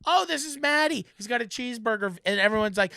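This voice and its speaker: High, gravelly man rambling through stories. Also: animated, quick pace, sharp tone, no room sound, studio quality. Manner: rambling storyteller who laughs between lines. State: broken leg. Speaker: podcast co-host. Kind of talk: casual chat.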